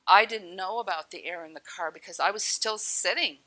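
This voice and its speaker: Blunt, bright-voiced woman telling her story. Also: lowish voice, brisk, rough recording. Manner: candid and blunt, swears and laughs at herself. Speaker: storyteller recounting a near-death experience. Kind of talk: personal testimony.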